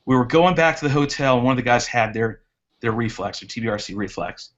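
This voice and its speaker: A man's voice: medium pitch, expressive, quick pace, fairly bright tone. Male racing guest, chatty storyteller, mid-range voice, dull video-call sound. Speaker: guest drone racer. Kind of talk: casual chat on a live hangout.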